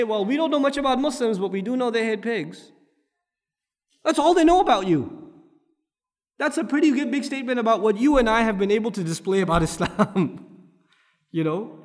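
A man's voice: very high-pitched, long reverb tail. A man preaching a sermon, firing off rhetorical questions and building to emphatic peaks. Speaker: Islamic preacher.

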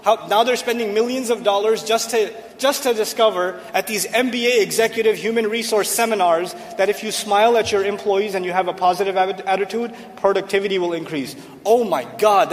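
A man's voice: high-pitched, fairly quick, hardly any pauses, long reverb tail. A man giving a sermon that explains Quranic Arabic to a seated audience. He speaks emphatically and repeats phrases for stress. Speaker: Islamic preacher.

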